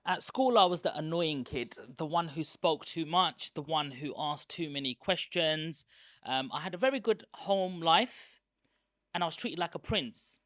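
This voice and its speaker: A man's voice: a little high, a little slow, no room sound. Man, candid storyteller, dry sound. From East London, England. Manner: lively, chatty, self-aware. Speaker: guest.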